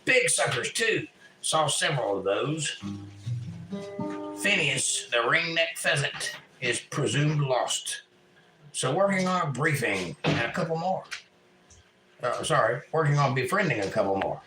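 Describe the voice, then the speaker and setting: A man's voice: medium pitch, echoey room, rough recording. A man hosting a casual livestream at home, reading chat messages aloud and joking with puns.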